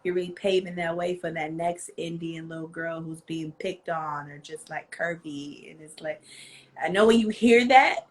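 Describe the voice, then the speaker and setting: A woman hosting a casual interview, gushing and bubbly, quick to laugh. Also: low-pitched, a little hiss or hum, poor audio. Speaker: interview host.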